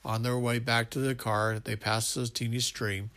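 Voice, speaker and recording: A man reads a story aloud in a voice with a rough, gravelly texture, pitched around the middle. His delivery is unpolished, with small slips and restarts along the way. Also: flat delivery, moderate pace, a bit bright. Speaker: narrator.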